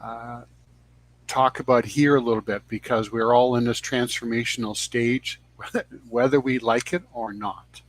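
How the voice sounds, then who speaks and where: A middle-aged man answers as a guest coach over a video call. He speaks in a measured, earnest way, sometimes stumbling and restarting a word. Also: mid-range voice. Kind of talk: interview answers.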